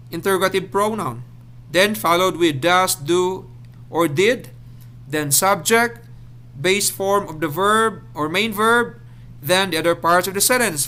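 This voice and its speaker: A man with a high, bright voice gives an English grammar lesson. He walks through each sentence pattern step by step and often checks in with "okay" before moving on. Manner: explains step by step, repeats "okay" and "so".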